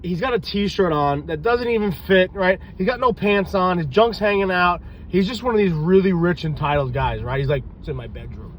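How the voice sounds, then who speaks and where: A man's voice: high voice, moderate pace, few pauses, lo-fi sound, slight background noise. A tired man tells rambling, profane stories in a casual vlog, talking outdoors near a street. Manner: rambling, animated, swears freely. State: tired and loopy. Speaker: reptile breeder and police officer telling stories.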